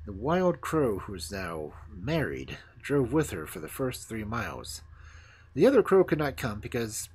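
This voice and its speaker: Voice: medium pitch, very animated, measured pace, darkish tone, slightly rough. A storyteller reading fairy tales aloud on a livestream, switching into voices for the characters.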